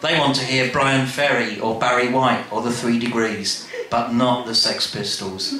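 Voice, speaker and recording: A man reads his memoir aloud to a live crowd in a bar. He is wry and animated, with a bright tone. The room rings with echo over faint background noise. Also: medium pitch, a little slow, hardly any pauses. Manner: wry, animated reading with asides. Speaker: storyteller.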